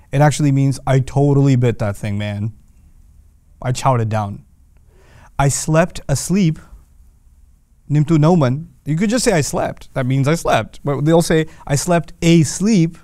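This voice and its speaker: A man's voice: medium pitch, mellow, dry recording, studio quality. A man teaching a lesson on Arabic grammar, patient and casual, acting out example phrases as he explains.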